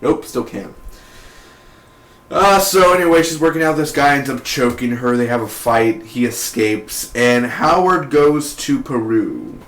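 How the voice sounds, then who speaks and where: A man's voice: medium pitch, measured pace, fairly bright tone. A man giving a casual, rambling recap review of a TV episode in an offhand, slangy way. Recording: roomy echo.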